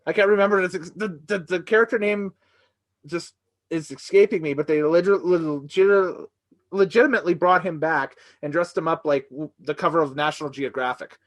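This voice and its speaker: A man's voice: a little high, brisk. A man hosting a casual review podcast, speaking in an easygoing way that is full of chuckles and hesitant fillers. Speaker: podcast host. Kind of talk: casual wrestling review chat.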